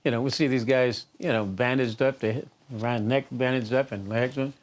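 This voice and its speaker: A man's voice: mid-range voice, fairly even intonation, moderate pace. An older man from the Detroit area, a singer being interviewed, telling anecdotes with frequent chuckles. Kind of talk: storytelling interview.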